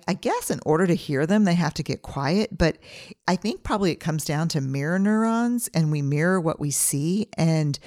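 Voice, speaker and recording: A woman's voice: fairly low pitch, darkish tone. A middle-aged woman hosting her own podcast, talking earnestly and acting out the voices she quotes. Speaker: podcast host. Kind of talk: reflective solo podcast talk.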